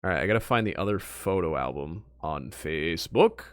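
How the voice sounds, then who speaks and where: A young man streaming, chatting casually with his viewers and telling animated stories from a trip. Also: deep voice, a little fast. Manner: animated storytelling, talks to chat.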